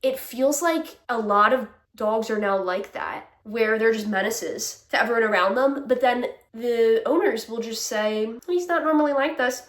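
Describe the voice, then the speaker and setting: A young woman vents in a loose, candid monologue, fed up and quick to curse. Her voice sits a little high, and the room around her rings with echo. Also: far from the mic. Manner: candid, exasperated, laughing, swearing freely. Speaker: vlogger. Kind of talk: casual ranting monologue. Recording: echoey room.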